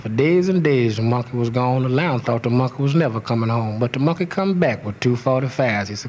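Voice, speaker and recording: Brief: male storyteller, middle pitch, rhythmic rhymed recitation with lots of cursing. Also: animated, brisk, few pauses, darkish tone, slight background noise. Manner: rhythmic rhyming delivery, heavy cursing. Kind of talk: reciting a rhymed profane folk toast.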